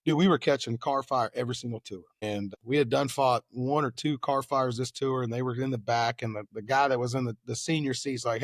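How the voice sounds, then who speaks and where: A Texan man in his late thirties tells stories in a relaxed, chatty way and acts out the voices of the people in them. His voice sits in a middle register, and the recording is close and dry. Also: brisk, few pauses, no echo. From Texas. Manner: animated, acts out quoted dialogue with rising pitch and volume. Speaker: fire lieutenant and guest. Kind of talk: casual storytelling.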